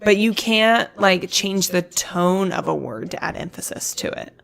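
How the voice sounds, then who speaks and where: Woman w/ gravelly fry, lowish voice, chatty teacher-y podcast talk. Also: lively intonation, measured pace, a bit bright. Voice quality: vocal fry. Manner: chatty, explains language points like a teacher. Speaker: podcast co-host. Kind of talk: casual chat.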